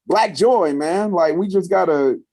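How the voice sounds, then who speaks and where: A man co-hosting a casual podcast, talking in a rambling way and filling pauses with "you know" and "um.". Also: high voice, a little mellow. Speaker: podcast co-host.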